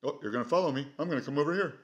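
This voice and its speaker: A man's voice: fairly high pitch, racing, slight background noise, close to an everyday voice. A man voicing a curious pet dog that rambles playfully in questions to the camera.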